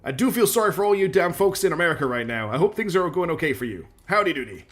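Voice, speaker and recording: A man voicing a folksy, overly cheerful American man in a loud, exaggerated, corny manner. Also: fairly high pitch, very animated, fast talker, pitched above the performer's own voice. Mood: jolly.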